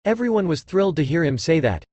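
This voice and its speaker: A man narrating an audiobook in a steady storytelling read. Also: fairly high pitch, fast talker, dry recording. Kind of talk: scripted narration.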